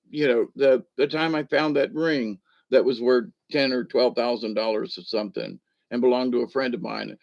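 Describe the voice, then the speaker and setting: An older man, talking casually as a spiritual teacher, rambling and folksy with many asides. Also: medium pitch. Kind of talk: casual spoken talk. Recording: dull lo-fi recording.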